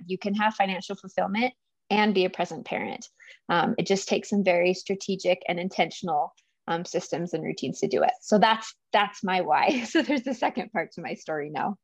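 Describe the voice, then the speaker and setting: A woman's voice: on the low side, dry recording. A woman speaking as a guest coach in a casual interview, earnest and emotional, often laughing as she talks. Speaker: guest, business coach for mothers.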